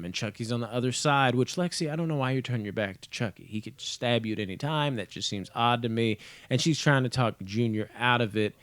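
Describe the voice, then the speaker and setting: A man's voice: mid-range voice, no echo. A young man giving a casual spoken review of a TV episode, rambling and offhand, with frequent swearing. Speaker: movie and TV reviewer.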